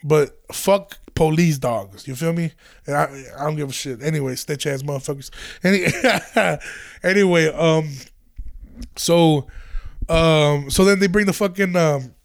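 Young male comedian, high gravelly voice, profane rambling storyteller. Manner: profane, rambling, animated retelling with quoted voices. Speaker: stand-up comedian. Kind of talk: casual storytelling.

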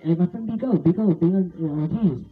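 A man's voice: sits high, fairly quick. A young man in a casual rant, rambling and repeating himself, often laughing and swearing as he talks. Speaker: vlogger. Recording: tinny phone-like sound with faint music.

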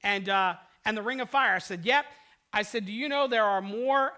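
An older man, a pastor, preaching a sermon and telling stories, swinging between loud outbursts and hushed, quiet passages. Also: sits high, moderate pace.

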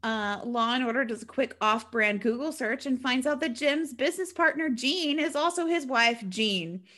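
A woman co-hosting a casual podcast, recapping a movie plot in a chatty, animated way with sarcastic asides. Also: sits high, moderate pace. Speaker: podcast co-host recapping a film. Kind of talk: casual chat.

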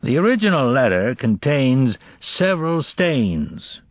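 A man's voice: medium pitch, big pitch swings, a little slow, no echo, voice pushed up. A man voicing a sardonic, brilliant middle-aged male criminalist who lectures in a dry, impatient way, in an audiobook. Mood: lecturing. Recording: dull, dry audiobook recording.

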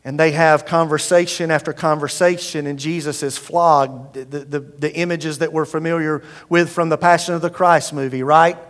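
High-voiced man preaching a sermon. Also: moderate pace, hardly any pauses, in a large hall. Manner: expressive reading, then loose conversational commentary. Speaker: pastor. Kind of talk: sermon with scripture reading.

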